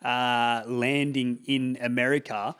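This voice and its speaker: A man's voice: mid-range voice, level tone, takes it slowly, a bit bright, clean tone. An Australian man hosting a podcast, chatting casually and rambling through stories with lots of swearing and fillers. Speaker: podcast host. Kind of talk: casual chat.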